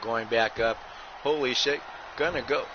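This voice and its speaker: A man calling wrestling play-by-play over a video game like a ring announcer, tacking "folks" onto almost every line and bursting into shouts at big moves. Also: medium pitch, a little slow. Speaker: host and play-by-play commentator. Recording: muffled audio with steady background noise.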